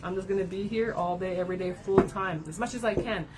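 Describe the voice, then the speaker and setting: A woman's voice: medium pitch, fairly even intonation, quick pace, heavy background noise. Tearful, candid woman card reader. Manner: candid, swears, often tags "right?". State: tearful at times. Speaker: card reader and spiritual advisor. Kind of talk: emotional livestream talk to followers.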